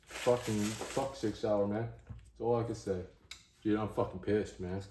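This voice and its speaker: A man's voice: fairly low pitch, fairly even intonation, a little slow, roomy sound, noisy background. A man vlogging a gear review who swears a lot and talks straight to his viewers. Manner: frustrated, swears heavily, talks to viewers as "guys" and "gents". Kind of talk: casual gear vlog.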